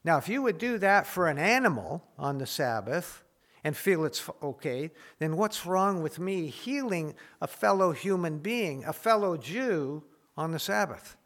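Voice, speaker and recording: A man delivers a sermon in a plain, conversational way, stopping to rephrase as he goes. His voice sits a little high for a man. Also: lively intonation, unhurried, a bit bright. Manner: conversational teaching, with small restarts and paraphrased quotes. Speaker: preacher.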